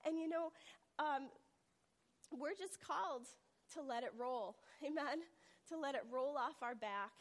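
A woman's voice: high-pitched, a little slow, pauses often, big-room sound. A woman preaching a testimony sermon, telling a personal story earnestly and acting out the voices in it. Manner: earnest storytelling, acts out quotes with rising intensity.

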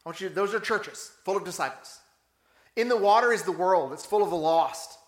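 A pastor preaching a sermon in a church, telling stories animatedly, acting out dialogue and asking rhetorical questions. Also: male voice, high-pitched, fairly quick. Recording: roomy echo.

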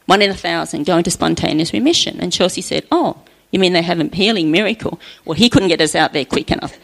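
A middle-aged woman sharing an earnest personal faith testimony at church, chatty and often laughing softly. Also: lowish voice, fairly quick, vocal fry, rough recording.

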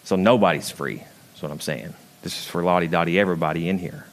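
A male pastor preaching a sermon, emphatic, swinging between loud high peaks and quiet low asides and putting questions straight to the congregation. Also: fast. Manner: emphatic preaching with big swings in pitch and loudness; calls out and questions the congregation directly.

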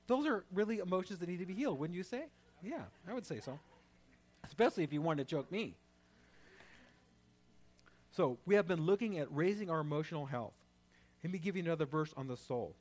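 A man preaching a sermon as pastor, talking conversationally and then rising into loud, fervent prayer. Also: fairly high pitch, lively intonation, brisk, long pauses.

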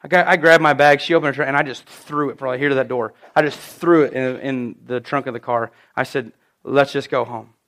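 A man's voice: mid-range voice, fairly even intonation, a little fast, fairly bright tone. A man in his thirties preaching a sermon, telling personal stories in an emphatic way.

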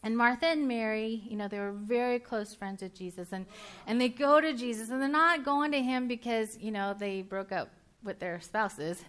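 A woman delivers a relaxed, chatty sermon, often restarting her sentences, laughing readily and joking with the people listening. Her voice is fairly high and slightly bright, with a clean tone.

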